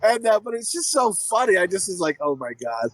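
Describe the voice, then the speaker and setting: A man's voice: high voice, very animated, a little fast, fairly bright tone, no echo, low-quality recording. A man co-hosting a podcast, telling rambling stories and teasing his friends with crude, profane jokes. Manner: rambling storyteller. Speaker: podcast co-host. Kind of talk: casual chat.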